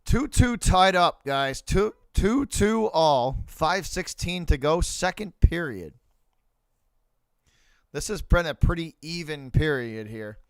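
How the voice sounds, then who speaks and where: A man with a light Boston accent calls a hockey game live, play by play, for a fan stream. His voice sits a bit high and comes through smooth, clean and dry up close. He chats with his viewers between plays and roots openly for his side. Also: expressive, takes it slowly, no echo. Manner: chatty, rooting for Boston, talks to chat viewers. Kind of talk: live play-by-play commentary to chat.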